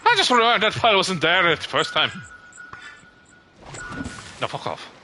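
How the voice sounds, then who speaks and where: Man livestreaming a game, cursing, swooping intonation, fairly high voice. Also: big pitch swings, normal speed, faint music behind. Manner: swears freely, reacts loudly, jokey. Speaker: streamer. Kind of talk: casual livestream gaming chat.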